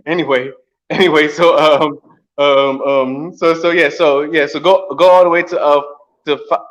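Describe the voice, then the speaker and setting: A man's voice: fairly high pitch, steady tone, normal speed, dull audio. A man chatting casually on a call, rambling and repeating himself a lot.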